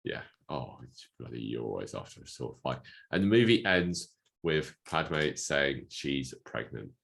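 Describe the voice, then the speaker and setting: A man's voice: rumbling low, very animated, a little slow, creaky, a bit bright. A man co-hosting a casual movie podcast, dry and teasing in a laid-back way. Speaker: podcast co-host.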